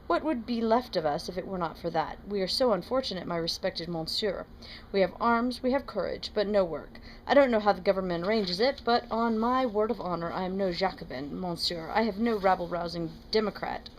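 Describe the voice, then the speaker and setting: A woman reading aloud, voicing a scheming, fawning middle-aged man who wheedles and flatters. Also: mid-range voice, brisk, slight background noise, natural voice, rough recording. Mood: wheedling. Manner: ingratiating, wheedling.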